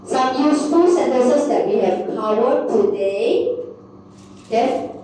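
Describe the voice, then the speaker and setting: Woman teacher, mellow voice, echoey room, mic far away. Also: a little high, animated, a little hiss or hum. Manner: patient, repeats words slowly, many checking "okay?". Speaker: Mandarin teacher. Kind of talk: classroom lesson.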